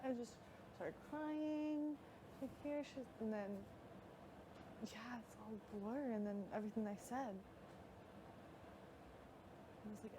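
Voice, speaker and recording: A woman chatting casually, animated as she tells stories and acts out what others said, with frequent "like". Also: a little high, slow, long pauses. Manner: animated storytelling, quotes others, says "like" often. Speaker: reality show houseguest. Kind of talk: casual chat. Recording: live feed with audible background noise.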